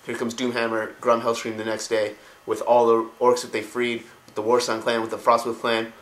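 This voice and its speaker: A man casually retelling game lore in an excitable, slangy, profane way. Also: mid-range voice, moderate pace. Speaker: lore video host. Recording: echoey room.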